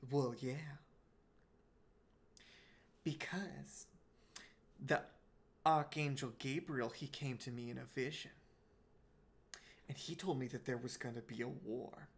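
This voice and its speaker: A man voicing an older woman with a breathy voice and a Utah accent, a fervent visionary. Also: on the high side, expressive, takes it slowly, pauses often, a bit bright, full character voice. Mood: earnest.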